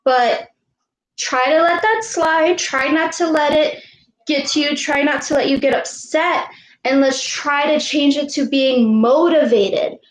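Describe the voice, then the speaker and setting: A woman coach teaching a live online lesson to girls, patient and encouraging, repeating each question slowly for the kids. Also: high voice, fairly even intonation, reverberant, rough recording. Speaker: youth sports coach.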